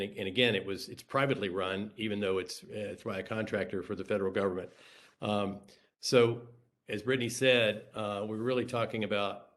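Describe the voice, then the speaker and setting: A man's voice: lowish voice, a bit bright. A man, an investigative reporter, introducing a clip in a hesitant webinar talk with many fillers. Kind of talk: webinar presentation.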